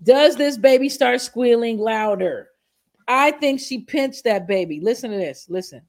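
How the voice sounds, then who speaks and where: A woman's voice: on the high side, expressive, unhurried, a little mellow. A woman giving reaction commentary in an outraged, profane, emphatic way.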